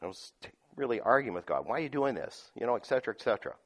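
A man preaching a sermon, reading scripture aloud and explaining it, moving between loud emphatic lines and quiet asides with frequent chuckles. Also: medium pitch, big pitch swings, rapid-fire. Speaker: pastor.

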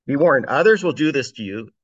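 A man delivers an informal sermon, chatty and plain-spoken as he reads scripture and talks it through. His voice sits at an ordinary middle pitch. The recording is dry, with a slightly dull, muffled tone. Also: a bit bright, no room sound. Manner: conversational, reads scripture aloud, chuckles between points. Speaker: preacher.

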